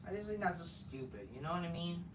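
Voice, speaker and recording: A man's voice: sits high, lively intonation, quick pace. A man giving a casual ranting review of a wrestling show, profane, dismissive and rambling. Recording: roomy, faint noise, from a distance.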